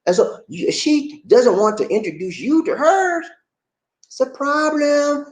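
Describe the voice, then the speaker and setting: A man host giving casual relationship advice, animated and repetitive, talking straight to the viewer. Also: extremely high pitch, unhurried, reverberant, rough recording.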